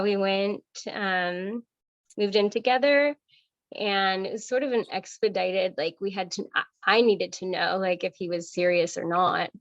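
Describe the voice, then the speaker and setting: A woman's voice: mid-range voice, no echo, muffled recording. A middle-aged woman from Washington state, telling her life story as an interview guest, chatty and laughing often between fillers.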